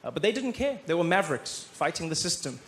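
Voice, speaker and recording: Male stand-up, high-pitched storyteller, echoey live hall. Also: quick pace. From South Africa. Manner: animated storytelling. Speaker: stand-up comedian. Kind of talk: stand-up comedy. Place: large live comedy venue. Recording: roomy live venue with audience noise.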